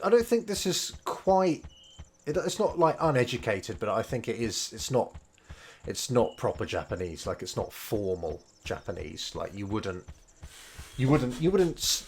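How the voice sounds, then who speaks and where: Casting: man, lowish voice, chatty streamer-teacher, hesitant and rambling, faint noise behind. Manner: rambling, hesitant, many fillers and restarts. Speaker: Japanese learner and game streamer. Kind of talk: casual explanatory commentary.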